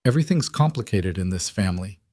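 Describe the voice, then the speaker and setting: A man's voice: low-pitched, expressive, quick pace, a little mellow, no room sound. A man voicing a dry, sardonic thirteen-year-old girl. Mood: wry.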